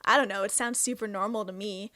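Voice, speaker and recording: A woman's voice: medium pitch, fairly even intonation, fast talker, bright, forceful tone, no room sound, studio quality. A Canadian woman in her twenties hosting a casual question-and-answer vlog, chatty and self-amused. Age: 20s. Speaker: host.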